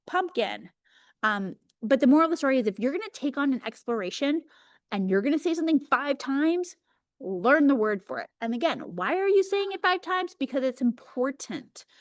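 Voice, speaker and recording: A woman in her thirties teaches a live early childhood webinar over a video call, chatty and energetic, slowing down to demonstrate words. Her voice is high and the sound is studio quality, with no room sound.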